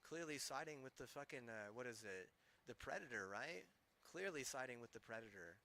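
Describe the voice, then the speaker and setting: Angry swearing male streamer, bright voice. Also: mid-range voice, animated, brisk. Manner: heated, swearing, rambling. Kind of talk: angry profane rant.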